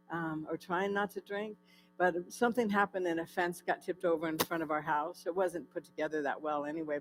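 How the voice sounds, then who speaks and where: A woman's voice: lowish voice, rough recording. A woman giving her personal testimony at a church in a candid, conversational storytelling way. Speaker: guest speaker sharing her testimony.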